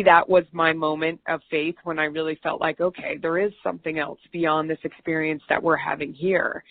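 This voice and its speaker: A woman's voice: lowish voice, no room sound. Chatty female guest, self-deprecating storyteller, thin phone-like audio, dry and close. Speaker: TV news host, interview guest. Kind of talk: conversational storytelling. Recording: tinny phone-like line, dry.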